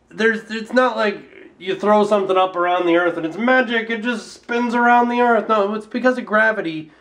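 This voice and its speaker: High-voiced jokey male vlogger. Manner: jokey, animated, self-mocking asides. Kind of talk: casual comic explainer vlog.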